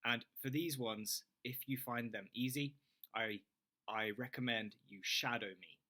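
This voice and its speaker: A young British man teaching an English lesson, saying phrases slowly and clearly for learners to repeat. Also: medium pitch, bright, forceful tone.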